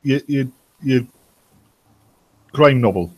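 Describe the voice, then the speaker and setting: A man chatting casually with friends on a stream, halting and joking. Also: medium pitch, breathy edge. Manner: halting, joking, trails off and restarts. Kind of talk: casual chat.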